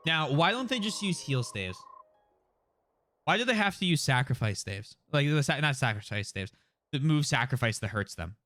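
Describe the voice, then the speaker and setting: Young guy streaming, lively bright voice, chatting to chat, faint game music behind. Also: on the high side, normal speed. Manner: reads game dialogue aloud, chats with viewers. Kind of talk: casual gameplay commentary.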